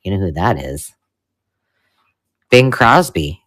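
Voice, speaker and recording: Gushing, excitable woman craft host. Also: extremely low pitch, slow. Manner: excitable, gushing, drops to hushed whispers. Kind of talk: casual live unboxing chat.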